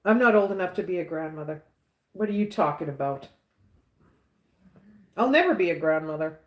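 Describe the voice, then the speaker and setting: A woman's voice: lowish voice, expressive, normal speed, roomy sound. A woman hosting a livestream, chatting casually and reading out viewer comments, laughing often and repeating little catchphrases. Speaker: livestream host.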